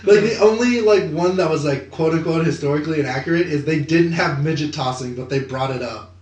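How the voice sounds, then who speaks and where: A man co-hosting a podcast, chatting casually about movie news, animated and profane, with lots of filler words. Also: a little high, a little fast. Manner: swearing, animated, many "like" fillers. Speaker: podcast co-host. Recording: echoey room.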